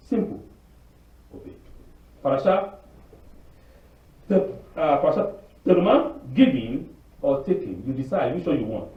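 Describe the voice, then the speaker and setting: A man preaching a sermon in an animated, pleading way, acting out quotes. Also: fairly high pitch, distant mic. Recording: tinny echoey room recording from afar.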